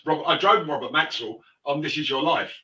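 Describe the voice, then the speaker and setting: A man's voice: fairly high pitch, brisk, bright, forceful tone, reverberant, distant mic, low-quality recording. A man telling coarse, swearing anecdotes in casual chat, full of stumbling restarts. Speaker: host.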